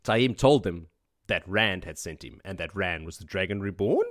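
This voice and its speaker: A man's voice: sits low, animated, moderate pace, fairly bright tone, dry recording, clean studio sound. A man hosting a podcast, recapping a book chapter by chapter in a casual, joking way with frequent laughs. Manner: joking, chatty, laughs often. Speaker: podcast host.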